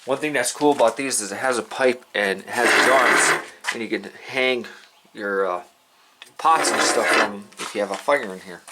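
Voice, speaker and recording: A man's voice: lowish voice, normal speed, heavy background noise. A man casually narrating a hiking vlog at an outdoor campsite, rambling with many fillers. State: stuffed up from allergies. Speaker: vlogger.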